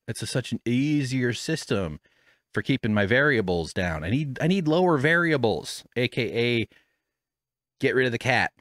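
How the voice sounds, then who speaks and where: A man with a mid-range, expressive, fairly bright voice hosts a podcast from his home studio at normal speed, with no room sound. Speaking into a studio mic with headphones on, he rambles casually, swears freely, and jokes at his own expense.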